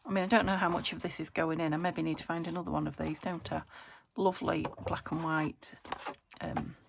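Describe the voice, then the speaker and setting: Chatty British woman with a gravelly voice. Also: deep voice, fairly even intonation, fairly quick, background noise. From United Kingdom. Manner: rambling, thinks aloud, laughs often. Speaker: crafting channel host. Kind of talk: chatty crafting vlog. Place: home craft room.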